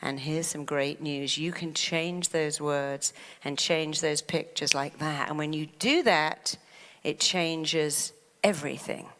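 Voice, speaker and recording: A woman giving a motivational talk who acts out the mind's inner voice in an animated way. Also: sits low. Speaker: therapist and speaker. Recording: long hall reverb.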